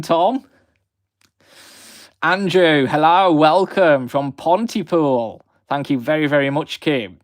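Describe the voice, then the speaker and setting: A man's voice: fairly high pitch, slow, no echo, studio quality. Chatty Black Country man in his twenties. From West Midlands of England. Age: 20s. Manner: friendly and rambling, with frequent fillers. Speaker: live-stream host. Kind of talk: chatty live stream, greeting viewers.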